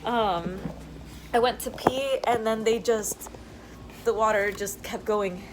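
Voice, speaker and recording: A young woman chatting casually to the camera while in labor, giggly and excited, pausing through contractions. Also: a little high, a little hiss or hum, rough recording. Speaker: vlogger. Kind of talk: casual vlog chat.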